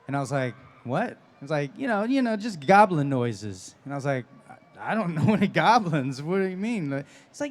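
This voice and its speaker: This voice actor, known for anime and game roles, speaks at a moderate pace in a fairly high pitch. Appearing as a guest on a convention stage, he answers fans' panel questions, spinning lively stories punctuated by frequent laughter.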